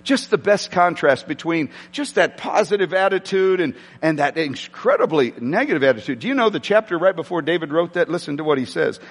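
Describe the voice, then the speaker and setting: A man's voice: a little high, animated, fairly quick, few pauses, in a large hall. A man preaching a sermon with passion, shifting into dramatic readings of scripture in a church sanctuary. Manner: impassioned, dramatic shifts when quoting scripture. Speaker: pastor.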